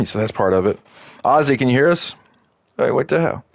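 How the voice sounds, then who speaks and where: A man's voice: mid-range voice, expressive, normal speed, gravelly, dry recording. A man streaming a game, chatting loosely and rambling with lots of filler words. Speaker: gaming streamer. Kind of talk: casual live-stream commentary.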